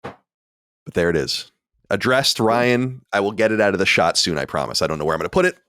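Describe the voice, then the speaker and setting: Low-voiced podcast guy, talks all over the place pitch-wise, super dry mic. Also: brisk, no room sound. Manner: animated, chatty, self-deprecating. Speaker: podcast host. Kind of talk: casual podcast chat. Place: home studio.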